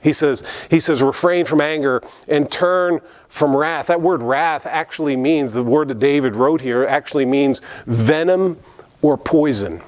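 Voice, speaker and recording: A man's voice: on the high side, unhurried. Man, pastor, earnest sermon, church, frequent restarts. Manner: earnest preaching with repetitions and restarts.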